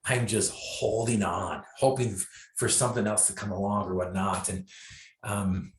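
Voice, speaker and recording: Lower-voiced man telling a story in an echoey room. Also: normal speed. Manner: animated storyteller, acts out his own and others' lines with bursts of pitch and volume; self-deprecating humor, laughs at himself. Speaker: guest speaker. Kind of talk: personal storytelling in an interview.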